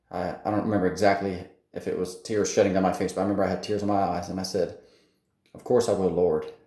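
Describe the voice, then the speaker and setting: Low-voiced guy telling his faith testimony, lots of ums and restarts, echoey room. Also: dark tone. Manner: halting, with many fillers and restarts. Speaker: testimony speaker. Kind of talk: personal faith testimony, unscripted.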